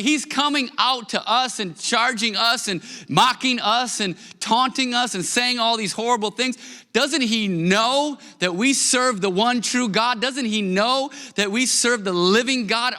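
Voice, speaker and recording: A man's voice: extremely high pitch, pushed and bright, in a large hall, voice pushed up, heavily acted. A preacher voicing a brash indignant shepherd boy. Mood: incredulous. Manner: incredulous, rapid-fire rhetorical questions.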